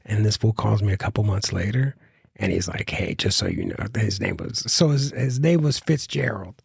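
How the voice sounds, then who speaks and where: A man's voice: lowish voice, normal speed, vocal fry, darkish tone, slightly rough, no room sound, clean studio sound. A man telling a long rambling story on a podcast, full of restarts and casual swearing. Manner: rambling, many restarts and fillers, swears freely. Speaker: guest comedian.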